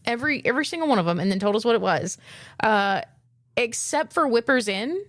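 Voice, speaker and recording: A woman's voice: a little high, animated, fairly quick, dry recording. Wry woman podcast co-host, dry sound. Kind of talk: casual podcast chat.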